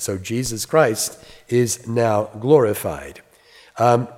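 Man preaching with a slow, emphatic delivery. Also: medium pitch, darkish tone. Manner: slow, emphatic scripture reading. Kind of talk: sermon. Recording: long reverb.

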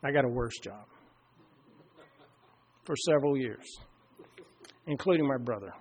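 A middle-aged man preaching a sermon, telling a personal story and slowing down and dropping to a hush for emphasis. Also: mid-range voice, lively intonation.

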